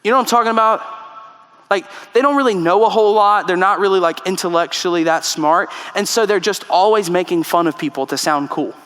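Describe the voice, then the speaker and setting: A man preaches to his congregation in an emphatic, questioning style, pressing his listeners to follow along. His voice sits high for a man, and it rings with the long reverb of a church sanctuary. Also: a little fast, a bit bright, smooth. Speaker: pastor. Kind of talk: sermon.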